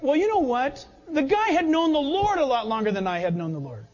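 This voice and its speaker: A man preaching a sermon as a pastor, telling personal stories in an animated way and often laughing. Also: extremely high pitch, a little fast, long reverb tail, highs cut off.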